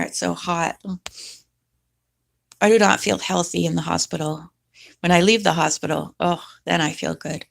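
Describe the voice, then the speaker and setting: A woman's voice: fairly low pitch, vocal fry. A woman vlogger chatting casually and rambling, now and then talking to her cat.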